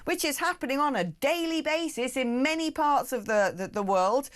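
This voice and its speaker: A woman's voice: sits high, animated. Indignant woman hosting talk radio. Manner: brisk, indignant, sarcastic asides. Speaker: radio talk show host.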